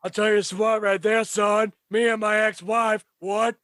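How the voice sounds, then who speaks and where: Brief: guy doing a raspy Southern wrestler bit with a Southern drawl, dry close sound, loud and gruff. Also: high-pitched, flat delivery, measured pace, no room sound, voice pushed up. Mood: blustering. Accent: American Southern (put on). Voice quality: smoker's rasp. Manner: gruff, barks "What?" over and over. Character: brash Southern tough-guy wrestler, male, adult. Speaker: podcast guest. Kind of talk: comic impression.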